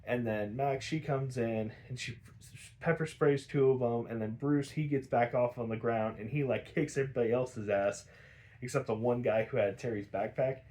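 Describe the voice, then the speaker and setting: A man's voice: medium pitch, normal speed, darkish tone. A man casually recapping a cartoon episode, rambling, swearing and laughing often.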